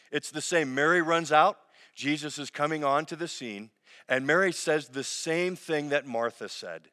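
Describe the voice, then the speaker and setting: Pastor, male, mid-pitched, earnest sermon delivery with soft slow emphasis, big reverberant hall. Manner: earnest preaching, dropping soft and slow on key phrases. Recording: long reverb of a large hall.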